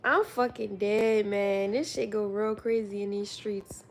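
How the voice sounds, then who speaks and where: A woman's voice: medium pitch, fairly even intonation, unhurried, a little hiss or hum. A young woman giving blunt, profane casual commentary, often laughing. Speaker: commentary vlogger.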